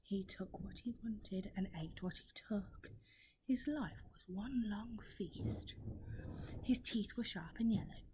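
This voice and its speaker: A young woman, a primary school teacher reading a picture book in a hushed, gentle whisper with asides to a listener. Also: medium pitch, takes it slowly.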